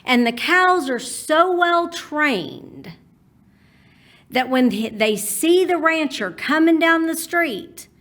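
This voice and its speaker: A woman voicing a fiery Texan mother, high, loud and insistent, drawling, in a spoken storytelling piece. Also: full character voice. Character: feisty Texan mother throwing a loud fit.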